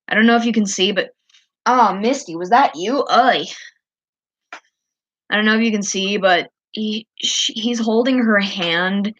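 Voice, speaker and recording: A woman's voice: medium pitch, a bit bright, highs cut off. A woman streamer chatting casually as she shows her drawings, rambling and gushing over cute things. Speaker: streamer showing her artwork.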